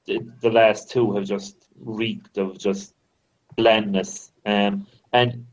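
A man who is a guest on a casual podcast, relaxed and a little hesitant, agreeing easily. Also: lowish voice, slow pace, poor audio.

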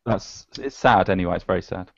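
Man, very low gravelly voice, casual podcast storytelling, dull dry audio. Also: a little fast, a little hiss or hum. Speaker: podcast co-host. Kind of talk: casual chat.

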